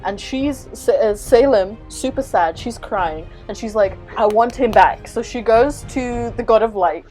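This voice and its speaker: A woman's voice: fairly high pitch, unhurried, dark tone, faint music behind, poor audio. A young woman hosting a casual chat, ranting in an exasperated, sarcastic way and swearing freely. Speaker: host.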